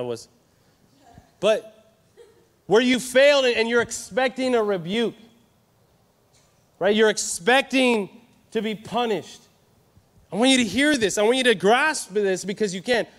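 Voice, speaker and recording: Male youth preacher, high-pitched and animated, live in a reverberant hall. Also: measured pace, pauses often. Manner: animated, joking with the crowd. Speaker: youth conference speaker. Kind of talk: energetic sermon.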